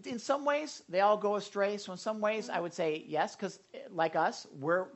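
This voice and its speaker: A man's voice: high-pitched, moderate pace. Rambling, storytelling male pastor. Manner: rambling, anecdotal, many fillers and restarts. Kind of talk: conversational sermon.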